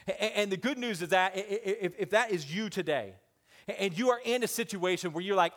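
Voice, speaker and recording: A man in his thirties preaching a sermon. He swings from loud, excited appeals to hushed, emotional storytelling, with halting restarts along the way. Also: high voice. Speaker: pastor.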